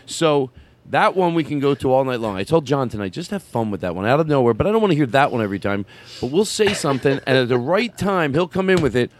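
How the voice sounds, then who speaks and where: Rambling profane man with a gravelly voice. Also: mid-range voice, lively intonation, fast talker. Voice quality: guttural. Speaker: comedy podcast host. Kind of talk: loose banter with bits of lounge-singer impression.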